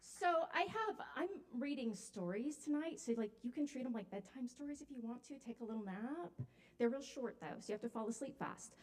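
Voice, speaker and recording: A woman's voice: a little high, lively intonation, brisk, a little mellow. A woman at an open mic joking with the crowd before reading her short stories. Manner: joking, self-deprecating. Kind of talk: chatty stage banter before a reading.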